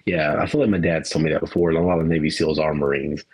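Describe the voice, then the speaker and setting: A man's voice: very deep voice, steady tone, fast, slightly rough, rough recording. A man co-hosting a podcast in casual chat, rambling, trailing off mid-thought and laughing often. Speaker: podcast co-host.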